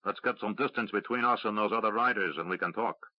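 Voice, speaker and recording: A man's voice: on the low side, fast, no echo, close to an everyday voice. A man voicing a friendly, wry veteran soldier, easygoing and jokey, in a dry, slightly dull recording.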